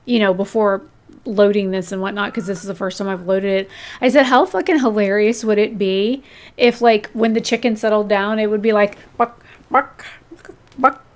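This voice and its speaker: A woman streaming a video game, reacting excitedly and swearing freely. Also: medium pitch, fairly quick. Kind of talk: casual game stream commentary.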